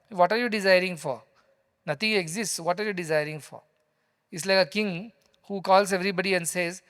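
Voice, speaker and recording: A man's voice: sits high, fairly bright tone, clear, resonant tone. A man with an Indian English accent giving a conversational spiritual discourse, explaining with stories and emphasis. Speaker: spiritual teacher. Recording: long hall reverb.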